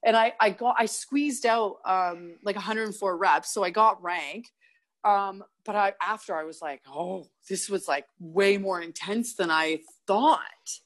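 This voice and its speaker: A young woman from Canada, chatting as an interview guest. She tells her stories with plenty of life, slipping into quoted voices and laughing as she goes. Her pitch sits in a middle register. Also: measured pace. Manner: animated storyteller, acts out quotes, laughs often. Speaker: guest, kettlebell athlete. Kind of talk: casual interview chat.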